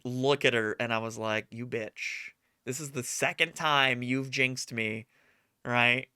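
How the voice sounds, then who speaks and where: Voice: mid-range voice, bright, forceful tone, smooth. A live streamer chatting casually with viewers, telling stories in a rambling way, acting out quotes and poking fun at themselves. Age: adult. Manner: rambling storyteller, acts out quotes; self-mocking.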